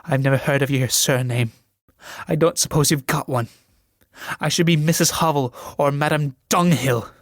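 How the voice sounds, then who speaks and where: A man's voice: fairly high pitch, moderate pace, no room sound, clean studio sound, close to an everyday voice. A man reading the part of a proud, desperate young noblewoman in a solo reading of a stage play, swinging from pleading to furious shrieks. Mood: bitter scornful.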